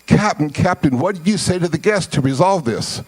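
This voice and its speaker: A man voicing a self-assured male cruise ship staffer in a lower, deliberate and officious tone. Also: animated, darkish tone, slightly rough.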